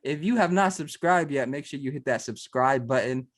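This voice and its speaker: A man's voice: medium pitch, moderate pace. A man hosting a podcast, arguing his point insistently and repeating himself in casual chat. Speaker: podcast host.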